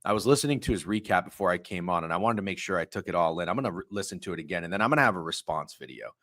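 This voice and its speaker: A man's voice: lively intonation, rapid-fire, fairly bright tone. A man hosting a live sports stream, ranting with heavy profanity and sudden heated outbursts while reading chat. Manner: profane, heated ranting with big pitch swings. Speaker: sports betting stream host.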